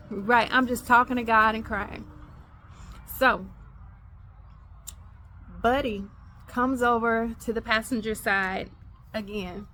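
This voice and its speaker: A woman hosting a podcast, telling a personal faith story in an animated way, acting out the dialogue. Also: fairly high pitch, takes it slowly, pauses often, a little hiss or hum. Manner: animated, acts out quoted dialogue. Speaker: podcast host.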